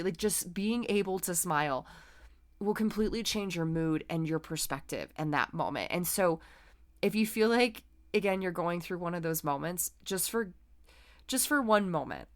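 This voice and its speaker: A woman's voice: fairly low pitch, a bit bright. Earnest woman giving a motivational talk. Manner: earnest and encouraging, with many "like" and "right?" fillers. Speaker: podcast host and personal trainer.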